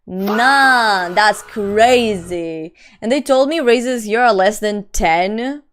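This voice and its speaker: A woman's voice: mid-range voice, slow. A young woman live streamer chatting casually with her viewers. She reads their messages aloud in a slangy, talkative way.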